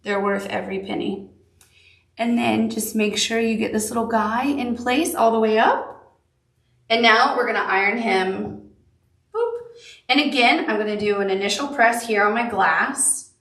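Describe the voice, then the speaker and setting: A woman with a Southern accent walks viewers through appliqué placement in a live quilting lesson. She talks in a chatty, upbeat way, her voice a little high and gravelly. The sound is roomy, and she is heard from a short way off the mic. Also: moderate pace, fairly bright tone, distant mic. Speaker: quilting instructor. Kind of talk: live craft tutorial.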